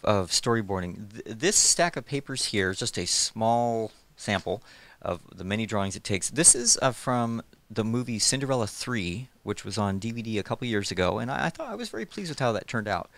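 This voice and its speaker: A middle-aged man who works as an animator and storyboard artist talks casually in an interview, explaining his work. His voice is on the low side, a bit bright, a little fast, with lively intonation. He's friendly and rambling, with lots of fillers.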